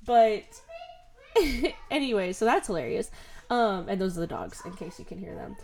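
A woman's voice: mid-range voice, expressive, moderate pace, darkish tone, a little hiss or hum. A young woman hosting a podcast from home in a chatty, casual way, with lots of fillers and frequent laughter. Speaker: podcast host.

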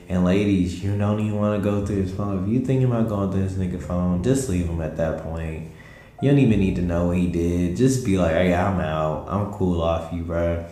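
A tired young man hosts his podcast late at night from home, drifting through slangy, laid-back talk. His voice sits very low, with a dark, mellow tone and a gravelly edge. The room adds a clear echo. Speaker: podcast host. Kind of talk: casual late-night monologue. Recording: roomy echo with faint music.

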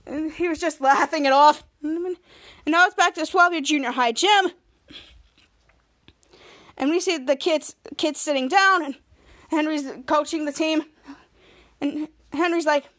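A woman's voice: high voice, moderate pace, fairly bright tone. A woman hosting a podcast, retelling a TV episode in a rambling way with many restarts and acted-out lines. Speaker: podcast host. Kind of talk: casual episode recap.

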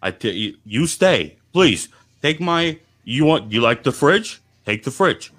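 A man's voice: mid-range voice, expressive, normal speed, background noise, close to an everyday voice. A man voicing an overly hospitable middle-aged Italian host who talks in broken English. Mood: welcoming. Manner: broken English, pushy generosity.

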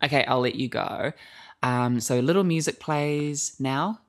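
A woman's voice: rumbling low, a little slow. A young woman co-hosting a podcast, chatting casually in a bubbly, playful way and laughing often. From New Zealand. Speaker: podcast co-host. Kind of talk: casual chat.

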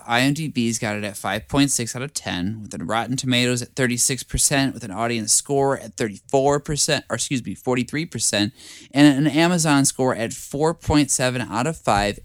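A man co-hosting a casual podcast. His pitch swings widely as he jokes and laughs, and he swears now and then. The sound is dry and close, with no room echo. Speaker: podcast co-host. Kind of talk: casual chat.

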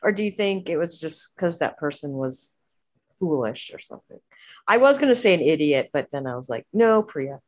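A woman's voice: low-pitched, big pitch swings, brisk, darkish tone. A woman hosting a casual chat, rambling with many fillers and frequent laughs. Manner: rambling, full of "you know" and "like" fillers, laughing often.

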